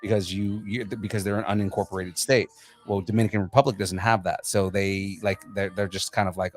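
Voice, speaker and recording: Guy cohosting a podcast, low voice, rambly and jokey, lots of likes and you knows. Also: level tone, brisk. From Central America. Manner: chatty, many fillers and restarts, joking. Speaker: podcast co-host. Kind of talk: casual chat.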